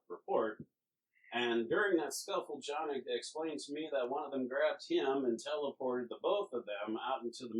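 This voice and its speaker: Businesslike boss guy, formal and measured, a bit halting, the game master doing the voice. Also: medium pitch, recorded from a distance, close to an everyday voice, rough recording. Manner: formal, measured briefing with hesitations.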